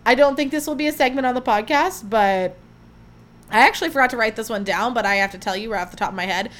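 A woman's voice: fairly high pitch, fast. Chatty young woman podcast host. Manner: chatty, animated, lots of fillers. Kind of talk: casual chat.

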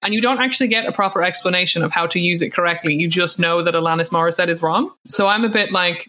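A young woman co-hosting a podcast, chatting and ranting playfully with animated quoted voices. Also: fairly low pitch, quick pace, few pauses. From Ireland. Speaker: podcast co-host. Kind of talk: casual chat. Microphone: home recording.

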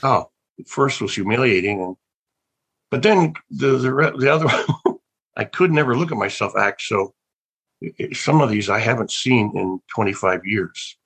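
A man's voice: medium pitch, lively intonation, moderate pace, fairly bright tone, slightly rough, poor audio. An older man, an actor being interviewed, telling wandering stories with many restarts and a musing, reflective tone. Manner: rambling, with many restarts and trailing thoughts; wondering, reflective. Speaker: actor and guest. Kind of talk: casual interview storytelling.

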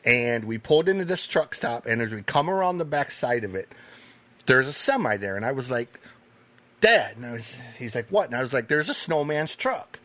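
A man, a podcast guest, telling animated stories in a casual chat, swearing now and then. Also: medium pitch, a little fast. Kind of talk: casual storytelling.

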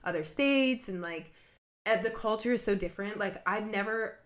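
A woman's voice: mid-range voice, normal speed, fairly bright tone. A young woman from Ohio co-hosting a podcast, chatting casually with lots of fillers and putting on accents now and then. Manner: chatty, many fillers, puts on accents while telling stories. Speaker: podcast co-host. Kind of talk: casual chat.

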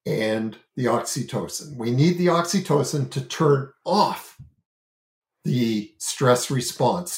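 A man with a fairly high, darkish voice explains self-regulation on a talk show, and the recording sounds roomy. He is a parenting and self-regulation educator. He speaks earnestly, thinking aloud with frequent fillers and restarts while his hands gesture along.

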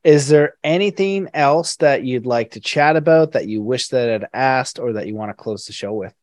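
An earnest man hosting a conversation, thinking aloud with plenty of fillers. Now and then he bursts into excited quoted exclamations. His voice sits at an ordinary pitch and is recorded dry, with no room sound. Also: normal speed, no echo. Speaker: podcast host. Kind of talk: casual interview chat.

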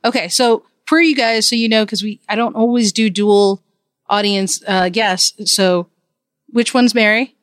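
A woman's voice: mid-range voice, measured pace, no echo, clean studio sound. A woman hosting her podcast in upbeat, chatty conversation with guests. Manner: upbeat and chatty, laughs easily. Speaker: podcast host. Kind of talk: casual interview chat.

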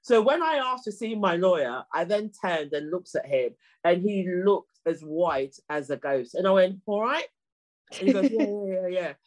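Lively, lower-voiced woman telling stories. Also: moderate pace, hardly any pauses. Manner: animated, humorous, repeats words when starting sentences. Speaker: guest, clean air campaigner. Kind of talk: casual storytelling in conversation.

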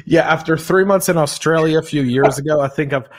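A man hosts the podcast with an upbeat, joking manner. His voice sits a bit higher than most men's. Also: brisk. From United States. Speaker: podcast host. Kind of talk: casual podcast hosting.

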